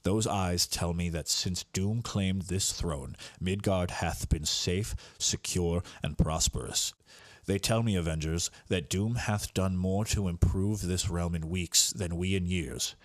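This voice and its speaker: A man's voice: sits low, unhurried, no room sound, clean studio sound. A man reading lines as a noble thunder god king who speaks in solemn, archaic phrasing.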